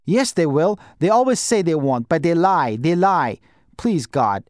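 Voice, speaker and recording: A man's voice: on the high side, animated, a little slow, darkish tone, dry recording, clean studio sound. A man voicing a frightened young orphan boy who pleads with a breaking voice. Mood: terrified pleading.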